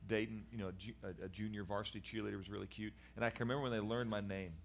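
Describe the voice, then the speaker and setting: A middle-aged man, a guest in a conversation, giving a candid personal testimony about his past in an animated, earnest way with frequent restarts. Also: fairly low pitch, rapid-fire, vocal fry, a little hiss or hum. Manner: animated storyteller, acts out voices of people in his story. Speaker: guest sharing his life story.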